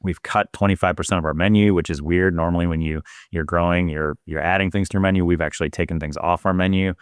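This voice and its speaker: A man's voice: low voice, smooth, no echo, clean studio sound. A man speaking as a marketing executive guest in an interview, explaining at length in an earnest, casual way with many "you know"s. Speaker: guest, restaurant chain marketing chief.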